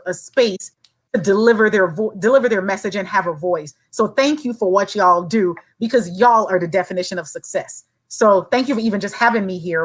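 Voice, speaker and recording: A woman's voice: mid-range voice, rough recording. A woman from Saint Croix, talking as a podcast guest in an earnest, encouraging way. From Saint Croix, U.S. Virgin Islands. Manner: earnest, encouraging, talks in long runs. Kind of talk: casual chat.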